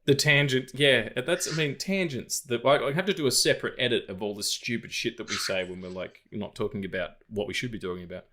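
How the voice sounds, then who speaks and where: A man's voice: mid-range voice, quick pace, hardly any pauses, pushed and bright. A man co-hosting a podcast, chatting casually about film news with lots of fillers, restarts and tangents. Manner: rambling, full of fillers and tangents. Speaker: podcast co-host.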